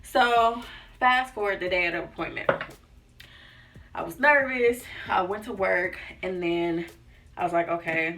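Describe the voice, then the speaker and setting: A woman's voice: medium pitch, bright, forceful tone, recorded from a distance. Chatty young woman telling a story. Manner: chatty, acts out quotes, says "like" and "y'all" often. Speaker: lifestyle vlogger. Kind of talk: casual storytelling to camera. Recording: voice a bit off-mic with faint music behind.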